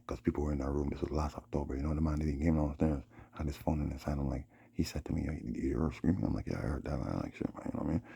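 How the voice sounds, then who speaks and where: A man's voice: very deep voice, gravelly, warm tone, breathy edge, dry recording. A man talking to his phone camera at home in a rambling, streetwise monologue, emphatic and peppering his talk with "man". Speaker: vlogger.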